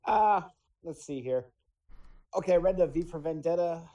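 A man's voice: a little high, lively intonation, moderate pace, warm tone, rough recording. A man on a casual podcast panel, blunt and profane, telling a story with enthusiasm. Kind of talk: casual chat.

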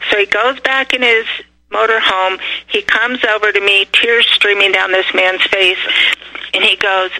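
A woman guest on a talk radio show, telling a story with lively energy and acting out the dialogue as she goes. Her tone is very bright and sharp. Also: medium pitch, rough recording.

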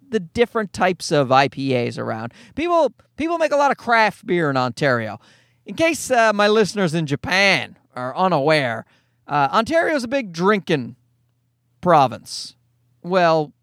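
A young man from Canada rants and rambles, cursing freely and mocking himself as he goes. His voice sits high and swings widely in pitch. He records in a parked car, so the sound is close and dry. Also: big pitch swings, normal speed, a bit bright, no room sound. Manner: profane, rambling, self-mocking. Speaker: podcast host. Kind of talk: casual comedic rant.

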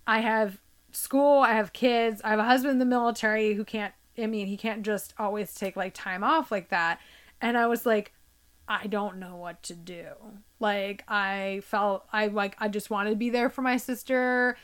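Animated, swearing woman telling a story. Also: medium pitch, normal speed, clear, resonant tone. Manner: animated, swearing, acting out quoted dialogue. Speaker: podcast guest. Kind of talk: casual storytelling.

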